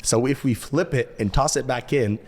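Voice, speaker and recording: A man's voice: mid-range voice, moderate pace. A young man co-hosting a podcast, chatting casually and laughing as he jokes. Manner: laughing, joking. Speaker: podcast co-host.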